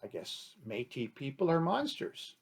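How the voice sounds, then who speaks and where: A man's voice: mid-range voice, wildly swooping pitch, a little slow, vocal fry, husky. A man giving an unscripted talk as a chief, rambling and argumentative, posing rhetorical questions and acting out imagined exchanges. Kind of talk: unscripted spoken commentary.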